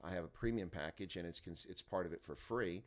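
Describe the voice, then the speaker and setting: Speaking low and fairly quickly, this man hosts an early-morning rugby live stream from home. He rambles to his chat viewers, sounding tired and groggy, into a desk microphone turned up loud.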